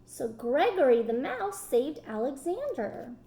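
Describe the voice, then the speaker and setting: A woman reading a picture book aloud to children in an animated way, stopping to ask them questions. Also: sits high, a little slow, a little hiss or hum.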